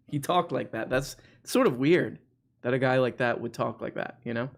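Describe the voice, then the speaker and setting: A man's voice: medium pitch, normal speed. A man hosting a live call-in stream, rambling and joking with callers, full of "like" and restarts. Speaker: host of a live call-in show. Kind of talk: casual live-stream chat.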